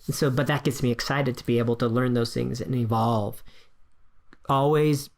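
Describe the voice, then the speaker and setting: Here the podcast guest is an American wedding DJ whose mid-range, slightly mellow voice moves at a moderate pace with fairly even intonation. He talks about his job casually and energetically, frank and self-deprecating, repeatedly starting over mid-sentence.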